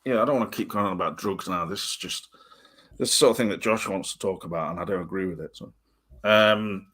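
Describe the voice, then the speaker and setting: A man co-hosting a casual livestream chat, rambling and halting, often trailing off into mumbles. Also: sits low, a bit bright. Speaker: co-host.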